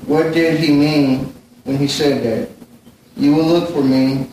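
A man in a Bible study group reading a scripture passage aloud in a steady, plain way with small stumbles. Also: a little high, takes it slowly, slight background noise. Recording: very echoey room, distant mic, faint ambience.

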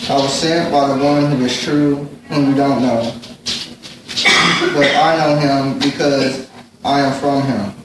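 A man's voice: medium pitch, noisy background. Man reading scripture in an echoey room. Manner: steady, plain reading with small stumbles. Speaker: Bible study participant reading aloud. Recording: very echoey room, distant mic, faint ambience.

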